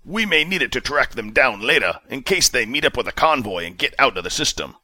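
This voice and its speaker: A man's voice: mid-range voice, big pitch swings, fairly quick, bright, forceful tone, no room sound, pitched above the performer's own voice, full character voice. A man voicing a harsh, impatient male sheriff who gives clipped, domineering commands. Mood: commanding.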